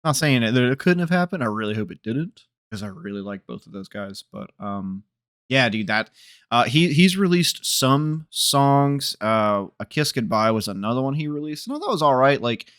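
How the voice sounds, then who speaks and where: A man's voice: medium pitch, animated, moderate pace, a bit bright, clear, resonant tone, no echo, studio quality. A man co-hosting a podcast, chatting casually about music in a loose, rambling way as he thinks aloud. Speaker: podcast co-host.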